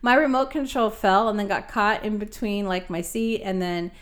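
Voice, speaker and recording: A woman co-hosting a casual podcast, telling a story with lively asides and little acted-out voices. She talks in an easy, conversational way, sitting at a mid pitch. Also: normal speed, a loud crowd. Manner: animated storyteller, acts out voices. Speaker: podcast co-host. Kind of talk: casual chat.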